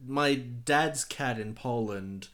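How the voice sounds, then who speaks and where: A man's voice: mid-range voice, takes it slowly, a bit bright. A man co-hosting a casual podcast, talking in a laid-back, hesitant way with lots of fillers. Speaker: podcast co-host. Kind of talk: casual chat.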